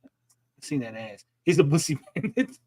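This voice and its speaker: High-pitched male co-host, profane mocking stream banter, habitual "bud" tag. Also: sing-song, moderate pace, dark tone. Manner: mocking, profane, keeps tagging lines with "bud". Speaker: livestream co-host. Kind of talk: crude casual banter on a stream.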